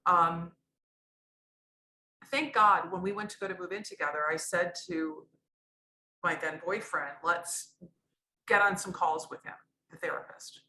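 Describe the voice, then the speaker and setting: A woman's voice: on the low side, bright, forceful tone, reverberant, a little hiss or hum, low-quality recording. A woman guest telling a raw personal story in a candid, rambling way, often restarting her sentences. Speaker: podcast guest.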